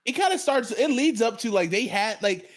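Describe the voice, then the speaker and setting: A man's voice: very high voice, animated, moderate pace, slight background noise. A man co-hosting a podcast, talking loosely and casually through a show recap, sounding tired. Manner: loose, chatty, laughs often. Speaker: podcast co-host. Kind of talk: casual chat.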